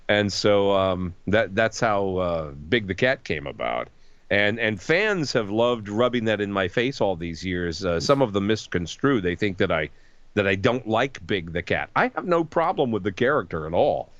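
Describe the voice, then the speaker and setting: A middle-aged voice actor telling lively anecdotes in a casual interview. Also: male voice, fairly low pitch, moderate pace, no echo, dull audio. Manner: animated anecdotes with voice impressions. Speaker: voice actor guest.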